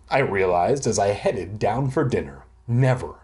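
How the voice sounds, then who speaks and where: A man's voice: fairly low pitch, lively intonation, measured pace, darkish tone. A young man giving a comedic reading of a children's book, breaking off for crude, irreverent asides. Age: young adult. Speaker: reader.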